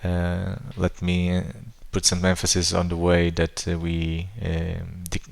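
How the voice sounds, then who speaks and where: A man's voice: deep voice, completely flat delivery, a little slow, vocal fry. A man walking through code step by step in a tutorial, thinking aloud with frequent fillers and restarts. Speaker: programming tutor. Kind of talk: screen-recorded coding tutorial.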